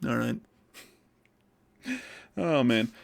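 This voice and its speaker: A man hosting a podcast, casual and jokey, quick to laugh while he chats with his guest. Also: mid-range voice, vocal fry. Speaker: podcast host. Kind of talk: casual interview chat.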